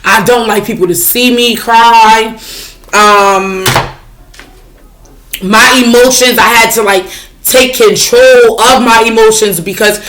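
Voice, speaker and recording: Bright-voiced chatty woman tarot reader. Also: a little high, steady tone, slow pace, long pauses, slight background noise. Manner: chatty, frank, swears freely, asks "you know what I'm saying?". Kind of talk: casual spiritual talk to camera.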